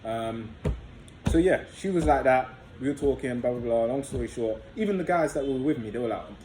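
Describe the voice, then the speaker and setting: A man's voice: mid-range voice, fast, mellow. A young man telling a story to his vlog audience in a loose, profane, casual way, full of fillers. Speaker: vlogger. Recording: echoey room with faint background noise.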